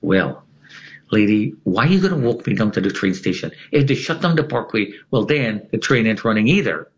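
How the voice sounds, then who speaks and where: A man's voice: big pitch swings, a little fast. A man telling a dramatic personal story in an interview, speaking with emphatic swings in tone. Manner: dramatic, swings his pitch widely for emphasis. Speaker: interview guest.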